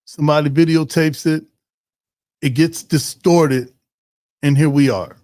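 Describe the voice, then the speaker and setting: A man's voice: fairly high pitch, fairly even intonation, unhurried, a little mellow, no echo. A man hosting a community livestream in a casual, joking way, reading out viewer comments with lots of fillers and restarts. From Ohio.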